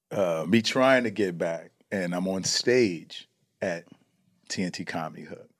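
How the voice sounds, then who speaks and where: Animated, profane man telling stories. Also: sits low. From Chicago. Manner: profane, animated, acts out quoted people. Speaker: comedian guest. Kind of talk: casual storytelling chat.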